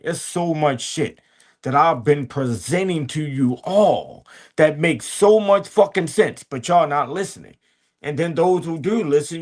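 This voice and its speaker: A man hosting a podcast, giving a blunt, profane motivational talk full of street slang and repeated asides to his listeners. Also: a little high. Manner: blunt and profane, preachy street talk with many "you hear me". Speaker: podcast host. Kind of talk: casual motivational monologue.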